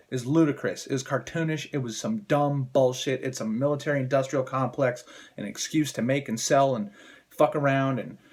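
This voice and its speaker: Brief: male vlogger, mid-pitched, furious profane rant, contemptuous. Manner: profane, heated, contemptuous ranting. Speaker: political commentator. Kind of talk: angry political rant vlog.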